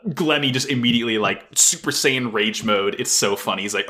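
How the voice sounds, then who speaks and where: A man co-hosting a podcast, recapping an anime in a casual, animated way, with swearing and frequent laughter. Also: mid-range voice, a little fast, few pauses. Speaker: podcast co-host.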